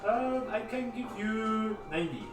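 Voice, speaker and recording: A man's voice: sits high, expressive, measured pace, roomy sound, recorded from a distance, music in the background, pitched above the performer's own voice. A man voicing a cheery male shop chef who bargains in broken grammar, an exaggerated put-on voice. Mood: cheery haggling.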